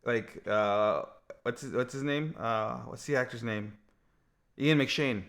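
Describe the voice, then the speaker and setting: A man's voice: medium pitch, slow, fairly bright tone. Rambling man reviewing a movie. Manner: rambling, many restarts. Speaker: podcast co-host. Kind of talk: casual movie review chat.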